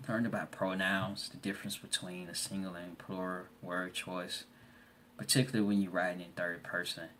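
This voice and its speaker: A man student reflecting aloud on a course reading for a discussion forum, halting and restarting often as he reads out quotes. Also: sits low, level tone, bright, forceful tone, slight background noise.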